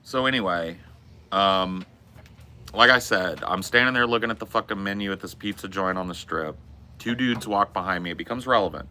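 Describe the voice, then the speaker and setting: A man's voice: low-pitched, moderate pace, pushed and bright. A man hosting a podcast, telling a loose, profane, rambling story in casual chat. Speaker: podcast host.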